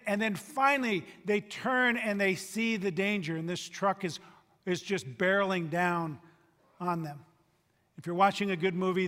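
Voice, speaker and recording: A man preaching a sermon as a pastor, emphatic, swinging between loud and hushed. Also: sits high. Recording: long reverb of a large hall.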